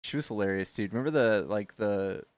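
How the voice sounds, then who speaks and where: A man hosting a livestream, chatting casually with his viewers in quick asides and calling them "dude" and "guys". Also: on the low side, clean tone, dry recording. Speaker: livestream host. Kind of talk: casual chat with callers and chat.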